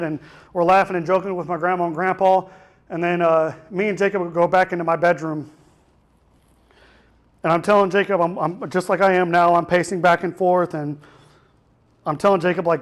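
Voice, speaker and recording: A young man giving a keynote speech, telling a personal story in a raw, emotional way with frequent restarts. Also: high-pitched. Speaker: keynote speaker. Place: conference hall.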